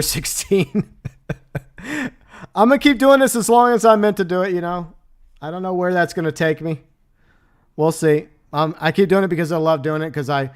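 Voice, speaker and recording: A man's voice: on the high side, smooth. A man hosting a casual livestream, chatting and laughing as he answers messages from his chat. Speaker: livestream host.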